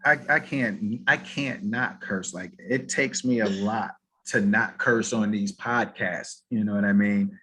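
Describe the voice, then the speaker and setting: A man's voice: lowish voice, a little slow, few pauses, a bit bright. A man hosting a podcast, rambling casually and often asking if he is understood. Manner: rambling, keeps asking "you know what I mean".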